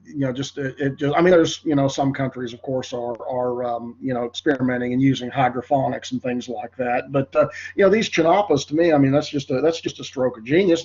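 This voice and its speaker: A man's voice: medium pitch, a little mellow, husky, muffled recording. Nasal congested male teacher lecturing. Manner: rambling, filler-heavy, addresses class as folks. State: congested, voice cracking. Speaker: history teacher. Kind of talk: classroom lecture.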